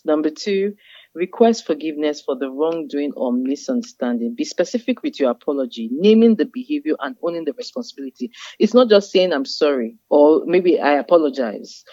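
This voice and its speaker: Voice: medium pitch, animated, moderate pace, mellow, dry recording. A guest speaker in an interview, explaining in a patient, teacherly way and repeating key phrases. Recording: dull, dry lo-fi sound.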